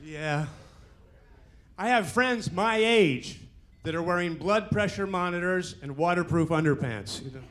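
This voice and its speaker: A man's voice: sits high, animated, unhurried, a bit bright. Punchy stand-up comic in his sixties. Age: 60s. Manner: punchy joke delivery with "you know" tags. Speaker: stand-up comedian. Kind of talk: stand-up comedy set. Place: comedy club stage.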